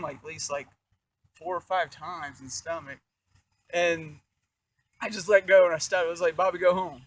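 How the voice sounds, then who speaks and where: A young man with a fairly high voice tells a story from his own life. He rambles casually with lots of fillers and swearing, and his energy keeps rising as he gets into it. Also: recorded from a distance. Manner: animated, profane, rambling with fillers. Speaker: vlogger.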